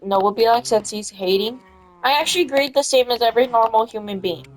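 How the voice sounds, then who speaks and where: A woman's voice: fairly high pitch, a little fast. A woman chatting casually while playing a game with friends, teasing and mocking them. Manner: teasing, mocking friends in silly put-on voices. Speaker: gamer streaming with friends.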